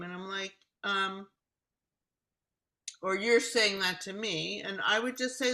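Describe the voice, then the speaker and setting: Bright-voiced woman coach explaining. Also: mid-range voice, fairly even intonation, takes it slowly, long pauses, poor audio. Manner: acts out example dialogues, explanatory. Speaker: guest communication coach. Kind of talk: casual conversation.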